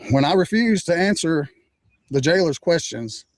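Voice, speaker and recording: An older man calmly recounting his own arrest, measured and steady, still hurt by it. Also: on the high side, dry recording. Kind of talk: personal account.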